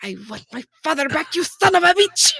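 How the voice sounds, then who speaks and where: A woman voicing a vengeful Spanish swordsman in a put-on Spanish accent. She declaims the lines loudly and laughs between them. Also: very high-pitched, big pitch swings, a little fast, gravelly, no echo, clean studio sound, voice pushed up, full character voice. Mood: declaiming.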